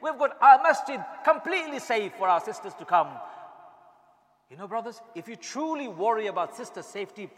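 A man delivering an impassioned sermon as an imam, swinging from quiet asides to shouted rhetorical questions. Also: high-pitched, lively intonation, a little fast. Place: mosque hall. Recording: long reverb in a large hall.

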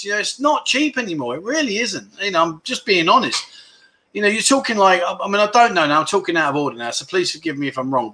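A man's voice: sits high, sharp tone. A man hosting a casual livestream, rambling frankly and calling his viewers mate as he reads out their comments. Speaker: livestream host.

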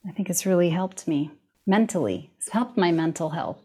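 A woman's voice: fairly low pitch, normal speed, mellow, breathy edge. A middle-aged woman in casual conversation, speaking thoughtfully and laughing easily. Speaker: guest.

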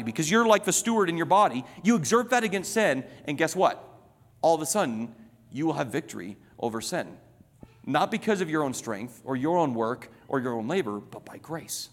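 Emphatic preacher in a reverberant hall. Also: male voice, on the high side. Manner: emphatic, repetitive, tells illustrations. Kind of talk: sermon.

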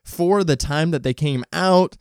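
A man hosting a casual solo podcast, talking in a rambling, candid, profane way with many restarts. His throat is dry and rough today. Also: a little high, a little slow, darkish tone, dry recording. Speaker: podcast host.

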